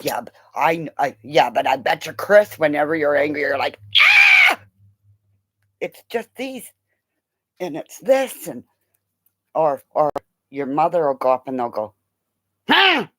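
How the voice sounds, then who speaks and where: A woman telling a long, rambling story in a casual way. She laughs often and bursts into loud quoted lines. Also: deep voice, lively intonation, moderate pace, slight background noise.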